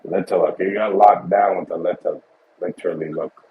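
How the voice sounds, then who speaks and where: A man's voice: sits low, steady tone, moderate pace, slight background noise. A man chatting casually, joking and swearing in loose banter. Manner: swearing, joking, laid-back. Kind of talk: casual chat. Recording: dull lo-fi mic.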